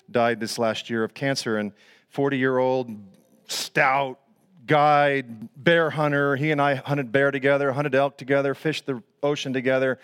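Animated sixty-year-old man preaching. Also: medium pitch, clear, resonant tone. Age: 60s. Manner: swings from loud excited storytelling to hushed near-whispers; casual slangy asides. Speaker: pastor. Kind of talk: sermon.

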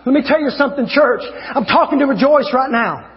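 A man preaching an evangelist's sermon, fervent and repetitive, rising to shouts at his peaks. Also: extremely high pitch, brisk, big-room sound, highs cut off. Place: church hall.

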